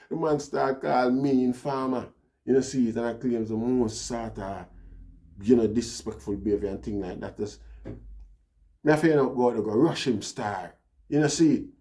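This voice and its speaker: A man's voice: fairly low pitch, mellow. A man with a Jamaican accent telling a personal story in a casual, rambling monologue, often dropping in "you know, see". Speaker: vlogger.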